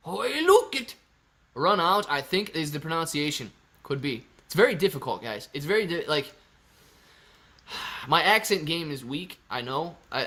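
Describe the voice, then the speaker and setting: Young male stream host, bright and slightly high, jokey chat reader. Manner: joking, reads viewer chat aloud. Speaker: livestream host. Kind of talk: casual live stream chat.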